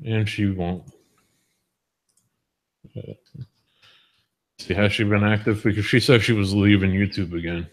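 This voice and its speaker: A man's voice: lowish voice, steady tone, measured pace, long pauses. A man hosting a live stream, chatting casually about online drama, laughing often and repeating his words as he goes. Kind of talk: casual political chat.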